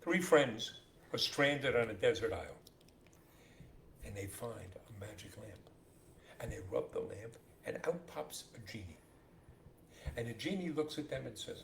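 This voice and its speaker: A man's voice: medium pitch, measured pace, gravelly, pauses often. A man co-hosting a podcast, telling jokes in casual banter and acting out the characters in them. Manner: animated storyteller who acts out joke characters. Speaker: podcast co-host. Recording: roomy echo with faint hiss.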